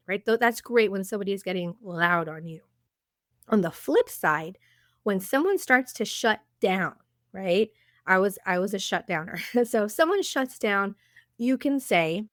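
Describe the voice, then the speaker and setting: A woman's voice: mid-range voice, animated, normal speed, dry recording, clean studio sound. A woman hosting a podcast, coaching listeners in an encouraging way and often checking in with them. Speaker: podcast host.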